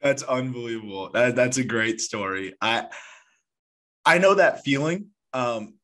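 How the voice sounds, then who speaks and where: A podcast host chats casually, laughing easily and quizzing his guest. His mid-range voice is animated, unhurried and a bit bright.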